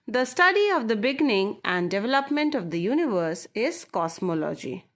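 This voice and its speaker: A woman's voice: a little high, very animated. A woman, teaching schoolchildren as she works through textbook exercises and repeats words for them. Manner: deliberate, repeats words and addresses the children directly. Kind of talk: slow classroom lesson explaining textbook exercises.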